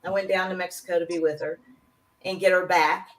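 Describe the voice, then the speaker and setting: A woman guest on a talk show, telling stories in an animated way and acting out the voices of the people she quotes. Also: lowish voice, brisk, recorded from a distance, poor audio. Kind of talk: animated storytelling.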